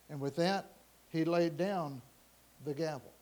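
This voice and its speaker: A man telling a story dramatically, swinging between loud passages and hushed ones. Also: a little high, expressive, measured pace.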